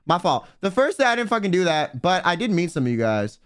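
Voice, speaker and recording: A young man with a somewhat high voice tells stories on his livestream. His pitch leaps around as he talks, and he swears freely and fills his speech with filler words. It is loose, casual storytime chat. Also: sing-song, fast talker, fairly bright tone, smooth. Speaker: vtuber livestreamer.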